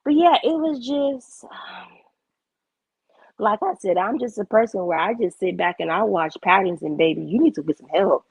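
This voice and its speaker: Husky, lively young woman streamer. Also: mid-range voice, moderate pace, no room sound, muffled recording. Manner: animated, blunt, frequent cursing. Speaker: livestreamer. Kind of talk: casual livestream chat.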